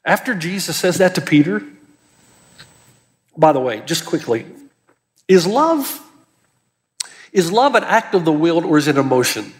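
Male pastor, high voice, earnest emphatic preaching, long hall reverb. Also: sing-song, measured pace, long pauses. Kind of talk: sermon.

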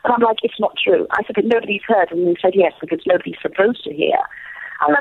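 Lively female guest, husky voice, phone-line sound, animated storytelling. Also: medium pitch, fast. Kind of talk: casual storytelling on a call. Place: at home in Sierra Leone.

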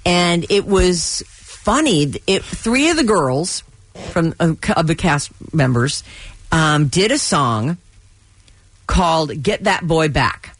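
A woman's voice: low-pitched, lively intonation, slow pace, husky, no echo. A woman radio host chatting casually on air, recapping a comedy show with exasperated asides.

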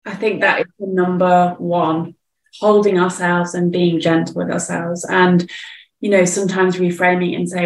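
A woman with a somewhat low voice talks gently and reflectively as a regular guest on a podcast. Her voice carries a roomy echo. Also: level tone, normal speed. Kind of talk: casual chat.

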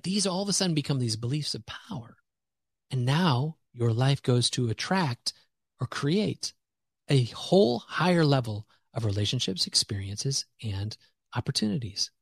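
A man's voice: medium pitch, lively intonation, moderate pace, slightly rough, no echo. A man talking as a podcast guest, preacher-like and emphatic, repeating phrases for rhythm as he builds a motivational faith message.

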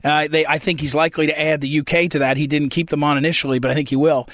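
Male commentary host, slightly high voice, conversational with hesitations, dry recording. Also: level tone, quick pace, a bit bright, no echo. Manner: conversational, many ums and restarts, clears throat. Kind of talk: unscripted political commentary.

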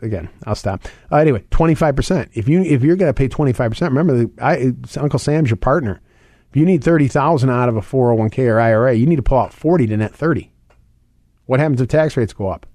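A middle-aged man hosts a financial radio segment in a warm, mellow voice. He talks quickly and circles back to repeat his main points. The recording is dry and close, with no room sound around him. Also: medium pitch, dry recording. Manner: fast, conversational, repeats points and phone numbers. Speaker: financial radio show host.

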